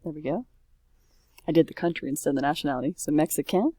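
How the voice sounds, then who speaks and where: A woman's voice: deep voice, quick pace, warm tone, breathy edge, no echo, studio quality. A woman French teacher talking casually through a worksheet, correcting herself and saying oops as she goes. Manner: chatty, self-correcting, says oops often.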